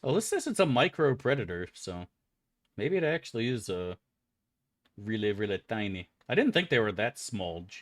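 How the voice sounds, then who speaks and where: A man's voice: lowish voice, sing-song, moderate pace, no echo, studio quality. A man streaming a game, chatting loosely with his viewers and swearing freely. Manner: loose and rambling, swears freely, answers chat aloud. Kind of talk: casual live-stream chat.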